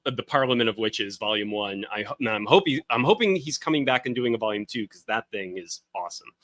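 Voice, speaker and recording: A man's voice: lowish voice, lively intonation, brisk, fairly bright tone, no room sound. A man hosting a podcast, chatting casually and eagerly piling up tasting notes. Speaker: podcast host. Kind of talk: casual wine tasting chat.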